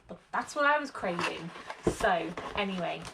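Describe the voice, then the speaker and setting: A woman's voice: on the low side, expressive, moderate pace, creaky, heavy background noise. A woman vlogging in a casual, rambling way, full of fillers and restarts, part of it from a small lean-to shed. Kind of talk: casual chat to camera.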